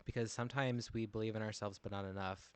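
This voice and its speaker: A man's voice: lowish voice, steady tone, fast talker, clean tone, no echo. A man co-hosting a podcast in casual chat, supportive and rambling. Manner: supportive, rambling, self-deprecating. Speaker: podcast co-host.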